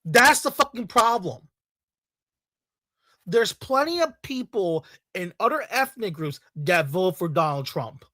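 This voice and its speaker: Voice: mid-range voice, big pitch swings, measured pace, sharp tone, no echo. A video creator ranting in a heated, profane way, repeating points over and over. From Latino community in the United States. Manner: angry, profane, repetitive rant.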